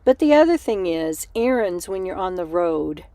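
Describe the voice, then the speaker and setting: A woman's voice: lowish voice, big pitch swings, normal speed, dark tone, no room sound. A woman, hosting a casual live chat from home, talking with viewers and her dog. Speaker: host of a live coffee chat stream. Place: at home indoors.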